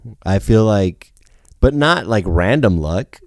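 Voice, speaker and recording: Laid-back man with a lowish voice. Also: animated, a little slow, creaky, no echo, studio quality. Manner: laid-back, laughs often, casual swearing. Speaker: podcast co-host. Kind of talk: casual podcast chat.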